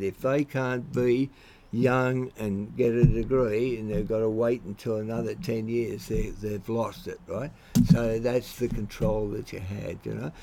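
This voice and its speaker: A man's voice: medium pitch, vocal fry, warm tone. An older Australian man telling blunt, colloquial stories about his old security and police work in a rambling way, often restarting his sentences. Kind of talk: rambling spoken reminiscence.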